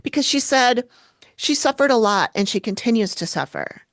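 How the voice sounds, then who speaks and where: A woman's voice: on the high side, expressive, moderate pace, dry recording. A woman co-hosting a podcast, recapping an episode in casual chat, swearing freely and adding dry asides. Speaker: podcast co-host.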